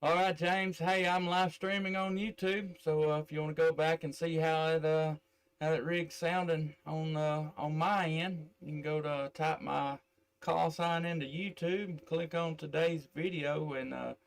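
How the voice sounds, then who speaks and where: This Southern-accented ham operator from middle Tennessee talks casually over the air into a desk microphone, drawling and using many fillers. He sounds a little high and creaky but clean, with fairly even intonation and a slightly slow delivery.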